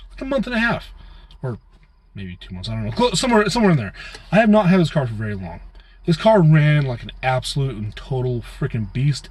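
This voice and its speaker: A man's voice: medium pitch, darkish tone, no echo. A man telling a casual, profane, self-mocking story to his viewers as a vlogger.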